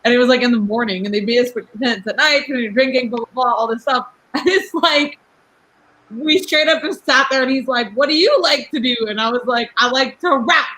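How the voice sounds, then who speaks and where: On poor audio, a rapper in her twenties guests on a laid-back podcast conversation, her voice fairly high, bright and forceful. Outspoken and quick to laugh, she chatters rapidly and peppers her speech with "like."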